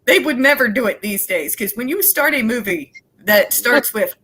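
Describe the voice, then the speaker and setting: A woman chatting casually as a stream guest, excitable and full of exclamations. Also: high voice, unhurried. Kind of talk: casual chat.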